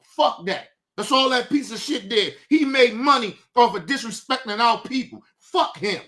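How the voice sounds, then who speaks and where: A male show host giving a heated, profane commentary rant, swinging from low muttering to shouting. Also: animated, moderate pace.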